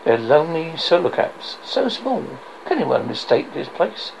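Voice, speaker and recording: A man voicing a fat, scheming older villain baron with a rumbling low voice, gloating and commanding. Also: very animated, moderate pace, vocal fry, slight background noise, low-quality recording. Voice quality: rumbling basso.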